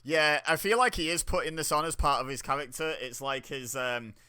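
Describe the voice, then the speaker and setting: A man's voice: fairly high pitch, brisk, pushed and bright, clean tone. A young man giving casual, chatty commentary while watching a wrestling show, reacting aloud with laughs and exclamations. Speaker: wrestling watch-along host.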